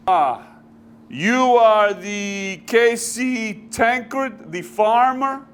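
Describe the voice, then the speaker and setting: An actor playing a pompous, bossy senior weather forecaster who speaks stiff, halting formal English in a put-on accent. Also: male voice, high voice, a bit bright, clear, resonant tone, full character voice. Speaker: comic actor. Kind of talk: amateur comedy sketch.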